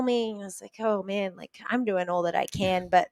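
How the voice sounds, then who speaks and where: A woman's voice: medium pitch, fairly even intonation, fairly quick, few pauses, a little mellow, clear, resonant tone, no echo. A woman guest on a podcast vividly retelling a story, with lots of "like" fillers. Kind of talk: conversational storytelling.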